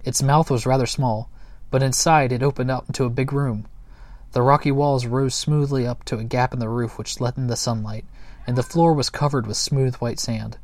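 A man reading a children's book aloud in a gentle, unhurried way, with small slips and chuckles. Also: medium pitch, dry recording. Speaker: storyteller.

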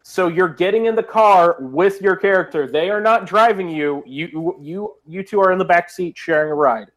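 High-voiced man hosting. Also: fairly bright tone. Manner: brisk, organized, prompts players by name. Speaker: game show host. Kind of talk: hosting a casual panel game.

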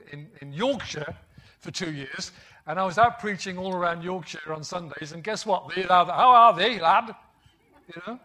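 Man, high-pitched, preaching a sermon, emphatic, puts questions to the congregation, middle-aged. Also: fairly bright tone. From West Midlands, England. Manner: emphatic, repeats key phrases, asks the congregation questions.

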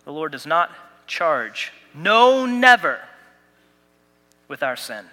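A man's voice: on the high side, a little slow, bright, forceful tone, big-room sound. A man pastor delivering a sermon, preaching with emphatic repetition and light humor. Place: church sanctuary.

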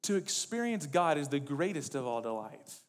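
A man's voice: fairly high pitch, sing-song, normal speed. Man preaching in a reverberant church. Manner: reads quotes with rising intensity, conversational asides. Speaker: pastor. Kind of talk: sermon.

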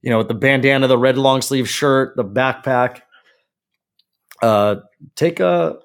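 A man co-hosting a casual chat, trading quick jokes. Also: mid-range voice, clear, resonant tone. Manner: joking, quick quips. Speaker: co-host.

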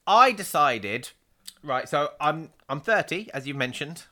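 Thirties man, podcast co-host, animated and laughing, bright and expressive. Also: fairly high pitch, a little slow. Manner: animated, laughs often, storytelling. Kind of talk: casual chat.

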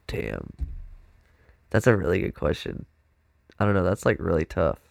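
Stuffed-up man with a gravelly voice. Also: low-pitched, sing-song, moderate pace, no echo, clean studio sound. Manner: loose, rambling, swears freely. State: stuffed-up nose. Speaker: drummer, podcast co-host. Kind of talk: casual chat.

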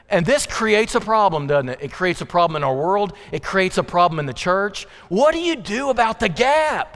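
A male preacher delivering an impassioned sermon, swinging from pleading questions to slow, low emphasis. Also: animated, fairly bright tone. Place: church sanctuary. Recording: long reverb of a church hall.

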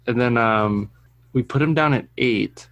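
A man co-hosting a podcast in casual chat, a father telling lively, profane stories about his toddler. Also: mid-range voice, measured pace, dull audio. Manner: profane, animated anecdote-telling. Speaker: podcast co-host.

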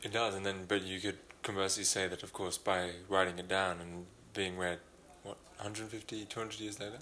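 Deep, bright-voiced questioning man. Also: little pitch movement, brisk, slight background noise. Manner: probing, asks pointed questions. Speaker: podcast co-host. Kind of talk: casual discussion of books.

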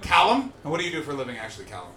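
A man hosting a live comedy podcast in front of an audience, ranting and swearing, swinging from muttered asides to shouting. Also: medium pitch, very animated, very fast. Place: live show venue with audience. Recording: echoey live venue.

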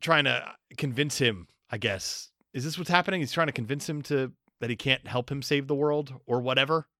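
A man's voice: medium pitch, normal speed, dry recording, studio quality. A man co-hosting a podcast, chatting about a movie and quoting its lines with animation. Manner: animated, quotes lines from the film. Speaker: podcast co-host. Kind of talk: casual movie chat.

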